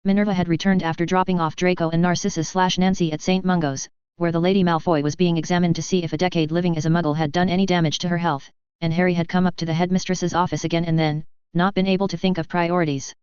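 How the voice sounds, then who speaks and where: A woman narrating a story in a steady, measured reading voice. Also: on the low side, clean tone, no room sound, dull audio. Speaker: audiobook narrator. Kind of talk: scripted narration.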